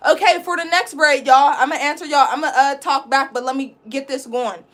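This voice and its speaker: A woman, teaching a live braiding class in a loud, chatty, encouraging way. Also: high-pitched, fairly even intonation, brisk. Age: 20s. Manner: chatty, encouraging, reads comments aloud. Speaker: braid instructor.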